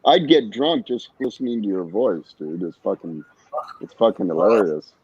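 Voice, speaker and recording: A man's voice: fairly low pitch, lively intonation, moderate pace, husky, muffled recording. A man rambling casually and cursing a lot while chatting on an online stream. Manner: rambling, profane, laid-back. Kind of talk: casual chat.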